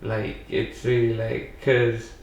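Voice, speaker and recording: Creaky and a little mellow, this medium-pitched male voice is completely flat and slow. The speaker is a young adult guest on a podcast, a Pacoima, Los Angeles native telling a meandering casual story full of "you know" and "like." The lo-fi recording has a little hiss or hum, an echoey room, and a far-off mic.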